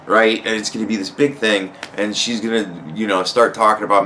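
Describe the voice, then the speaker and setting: A man's voice: on the low side, little pitch movement, brisk, hardly any pauses, sharp tone, slight background noise. A man hosting a podcast in a casual, rambling comedic monologue, swearing freely and laughing often. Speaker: podcast host.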